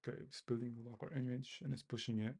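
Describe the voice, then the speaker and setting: Male developer, husky fry in the voice, casual live-coding talk, mutters and laughs at his own mistakes. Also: mid-range voice, little pitch movement, fast, a little mellow. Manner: mutters to himself, self-mocking, repeats phrases.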